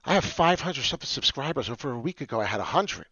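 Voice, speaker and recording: Brief: excitable male chart-vlog host, animated swooping delivery, dry dull lo-fi sound. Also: medium pitch, fast, slightly rough, no echo. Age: adult with a young child. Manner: excitable, swings into loud rants. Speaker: crypto chart video host. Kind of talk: casual crypto chart talk to camera. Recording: dull lo-fi audio.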